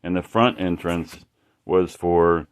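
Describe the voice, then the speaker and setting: A man's voice: deep voice, fairly even intonation, slow pace, clean tone. A man talking casually about his art in a rambling, profane way, often stopping and restarting mid-sentence. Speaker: artist showing his work.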